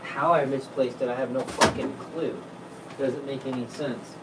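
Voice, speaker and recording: A man's voice: mid-range voice, steady tone, moderate pace, heavy background noise. A man hosting a casual livestream, rambling through hunting stories, swearing freely and laughing often while he reads chat. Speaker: livestream host.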